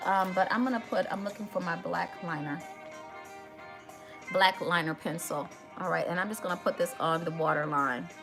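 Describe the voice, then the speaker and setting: A woman's voice: fairly low pitch, normal speed, over music. A woman hosts a casual makeup tutorial, chatty and emotional, talking straight to her viewers. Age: 50s.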